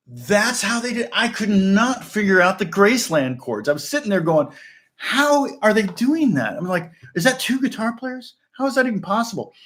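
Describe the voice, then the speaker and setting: A man chatting loosely as a session guitarist answering viewer questions, telling stories with lots of fillers and restarts. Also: high-pitched. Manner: loose and anecdotal, many fillers and restarts, demonstrates on guitar between phrases. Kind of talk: casual rambling chat. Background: guitar playing.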